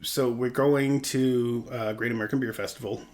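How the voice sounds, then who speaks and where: A man's voice: mid-range voice, fairly even intonation, normal speed, a little mellow. A man co-hosting a podcast, talking casually over beers and telling rambling stories full of "like" and "I'm like". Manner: rambling, chatty storyteller with lots of "like" and "I'm like". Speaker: podcast co-host.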